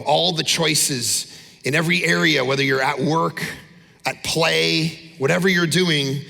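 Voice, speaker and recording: A middle-aged man preaching a sermon from a church stage. He is emphatic and blunt, swinging between loud exhortation and low, intense asides. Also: creaky. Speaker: pastor. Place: large church auditorium. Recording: long church-hall reverb.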